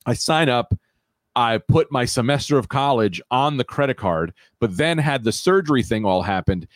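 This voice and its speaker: A podcast host in his thirties tells a long story in casual chat, rambling and correcting himself as he goes. His medium-pitched voice is animated, at normal speed, with no echo.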